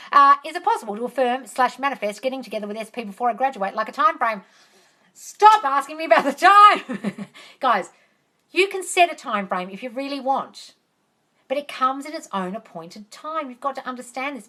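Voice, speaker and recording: A woman runs a casual livestream from her phone at home, heading into the kitchen while she fields viewer questions, blunt and chatty, swearing and calling people darling. Her voice is high and expressive, a little fast, with a sharp tone.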